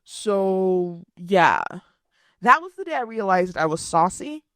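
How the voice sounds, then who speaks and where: A young woman hosting a podcast, telling a story in a sassy, animated way with playful asides. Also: mid-range voice, takes it slowly, no room sound, clean studio sound. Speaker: podcast host.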